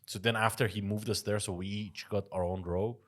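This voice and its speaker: A young man co-hosting a podcast in casual chat, laid-back and explaining things slowly. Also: fairly low pitch, fairly even intonation, a bit bright. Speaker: podcast co-host.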